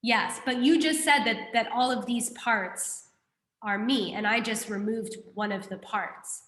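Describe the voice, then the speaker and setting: A woman teaching a class, explaining a Buddhist text in a lively, conversational way and putting questions to her students. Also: a little high, a little slow, echoey room.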